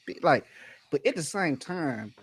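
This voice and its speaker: A man's voice: medium pitch, moderate pace, breathy edge. Laid-back man telling a story, laughing. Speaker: podcast co-host. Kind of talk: casual podcast chat.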